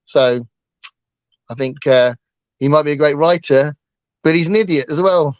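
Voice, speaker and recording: A man's voice: on the high side, brisk, no echo. Rambling man, muffled dry sound. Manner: rambling, with many fillers and restarts. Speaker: booktuber co-host. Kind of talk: casual chat.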